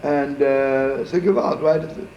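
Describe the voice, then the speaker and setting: A man's voice: mid-range voice, fairly even intonation, moderate pace, a little hiss or hum. A man, a rabbi, telling a story in a folksy, digressive way, sprinkling Yiddish words and asking "right?" as he goes. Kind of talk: informal storytelling talk. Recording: echoey, muffled archival room recording.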